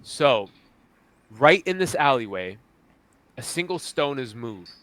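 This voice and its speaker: A man's voice: medium pitch, sing-song, slow pace, fairly bright tone. A young man narrating as the game master of a tabletop game in a casual, loose manner full of fillers.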